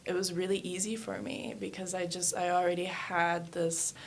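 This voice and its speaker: A woman's voice: on the low side, little pitch movement, moderate pace, a little hiss or hum. A woman in her thirties, a yoga studio owner, telling her life story candidly in a casual interview, with many fillers. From New Hampshire and West Virginia.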